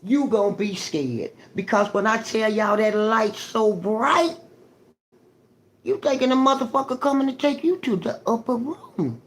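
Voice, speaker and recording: A woman's voice: fairly high pitch, lively intonation, a little slow. A woman live-streams a fierce, profane testimony in the manner of a street sermon. She speaks straight to her viewers and greets people in the chat by name. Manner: emphatic, profane, preaching testimony. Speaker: livestreamer.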